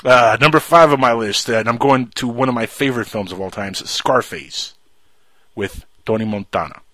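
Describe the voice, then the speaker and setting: A man's voice: normal speed, bright, forceful tone, dry recording. A man hosting a casual movie talk show, enthusiastic and fond of reciting film quotes. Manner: enthusiastic, acts out film quotes with rising pitch. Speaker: podcast host.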